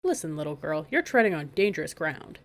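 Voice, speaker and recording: A woman's voice: low-pitched, sing-song, fairly quick. A woman doing a touchy, irritable dragon. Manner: irritable, sharp-tongued. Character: touchy, boastful overweight male dragon.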